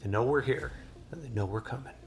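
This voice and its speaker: A man voicing a confident veteran male commander who gives brisk, folksy orders in a tabletop game. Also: mid-range voice, faint music behind, close to an everyday voice. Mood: commanding.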